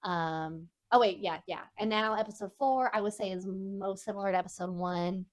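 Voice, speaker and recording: A woman's voice: mid-range voice, moderate pace. A young woman co-hosting a podcast, talking casually in a rambling way and laughing often. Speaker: podcast co-host. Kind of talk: casual chat.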